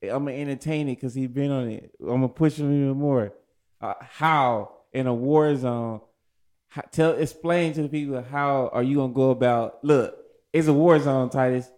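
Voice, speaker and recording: A man's voice: medium pitch, fairly even intonation, moderate pace, a little mellow. A man hosting a casual group chat, loose and rambling as he pushes a question on his friends.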